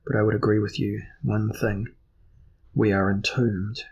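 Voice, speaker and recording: Man voicing a weary warrior, hollow mutter, husky, low. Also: little pitch movement, measured pace, a little mellow, lo-fi sound. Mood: grim. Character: weary, grim male companion warrior.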